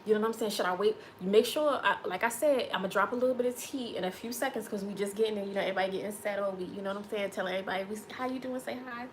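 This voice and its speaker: A woman's voice: mid-range voice, racing, few pauses, a little hiss or hum. A woman hosting a casual livestream, chatting playfully with viewers and reading their comments aloud. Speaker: livestream host.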